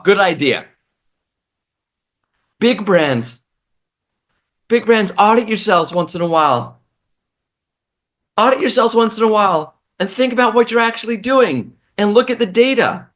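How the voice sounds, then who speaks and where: A man's voice: high voice, lively intonation, normal speed, fairly bright tone. A man with a New York accent ranting sarcastically as a brand marketing commentator.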